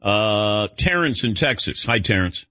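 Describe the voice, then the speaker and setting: A man's voice: fairly low pitch, lively intonation, a little slow, highs cut off, heavy background noise. A man hosting a sports call-in radio show, talking casually with callers in a conversational, chatty way.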